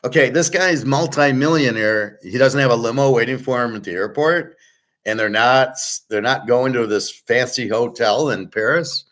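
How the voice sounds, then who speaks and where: A man's voice: medium pitch, normal speed, fairly bright tone. Blunt, rambling man hosting a chat. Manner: blunt, profane, rambling with many restarts. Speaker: host.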